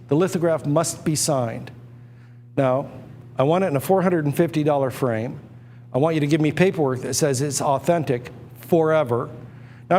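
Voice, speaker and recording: A man running a live auction stream, pitching hard with emphatic, repetitive, excitable patter. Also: long reverb tail, slight background noise.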